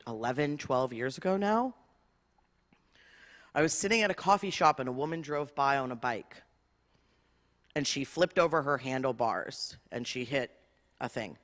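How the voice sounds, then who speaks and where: A woman's voice: extremely low pitch, fairly bright tone. A woman rabbi giving an impassioned sermon, building long rhythmic lists with rising emphasis and telling personal stories. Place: large spiritual center hall. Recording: long hall reverb.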